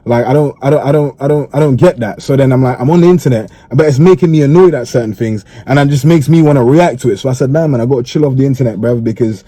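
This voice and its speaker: Heard in a played interview clip, a man talks quickly with barely a pause, his medium-pitched voice dark and free of echo. He's laid-back, sprinkling in slang and asking "you get me" to check he's understood.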